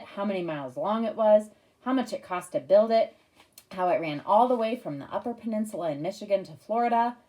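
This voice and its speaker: A woman narrating a first-person audiobook in a wry, expressive storytelling manner. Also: medium pitch, low-quality recording.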